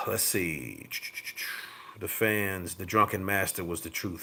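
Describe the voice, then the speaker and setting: A man hosting a casual boxing show, reading viewer comments aloud and swearing freely as he jumps between loud outbursts and low mutters. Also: expressive, a little slow, creaky, husky. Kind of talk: casual live-chat commentary.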